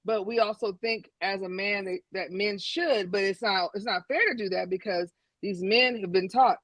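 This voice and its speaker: A chatty woman on a talk show panel who keeps affirming the others and often restarts her sentences. Her voice sits at a middle pitch. The sound is dry and close, with no room echo. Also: moderate pace, few pauses. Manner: chatty, affirming, stumbles over her words.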